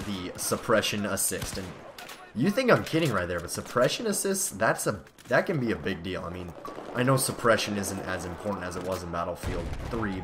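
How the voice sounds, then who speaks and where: Over loud in-game gunfire and slight background noise, a teen gaming commentator speaks in a fairly low voice. His commentary is relaxed, meandering, and self-mocking.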